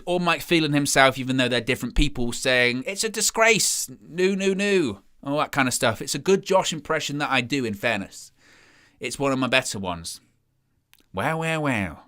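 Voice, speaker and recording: A little fast and sharp in tone, a young man's clean, mid-range voice carries his live football watch-along. He rambles, sounds downcast about his team's play, and turns the jokes on himself.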